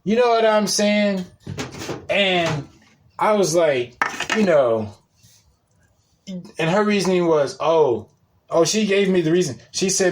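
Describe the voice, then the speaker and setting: A young man with a slightly high voice talks in a casual, rambling monologue. He swears freely and breaks into laughter often. A faint hiss sits under the recording. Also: lively intonation, takes it slowly, pauses often. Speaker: podcast host.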